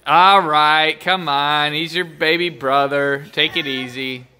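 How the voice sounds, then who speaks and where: A man's voice: on the high side, steady tone, takes it slowly, a crowd in the background. A man filming his children at home, coaxing and cheering them on while he laughs. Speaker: father filming his kids. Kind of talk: casual home video chat. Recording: noisy home video audio.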